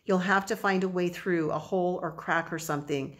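A woman reading the part of an anxious, earnest young boy who speaks quietly and pleadingly in a storybook. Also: on the low side, fairly even intonation, fairly quick, lightly acted. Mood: quietly urging.

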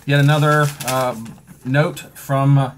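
A man's voice: medium pitch, little pitch movement, measured pace, slight background noise. Joking Eastern Shore Maryland man in his 40s. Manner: joking, rambling, self-mocking. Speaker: pipe-collecting vlogger. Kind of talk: casual unboxing chat.

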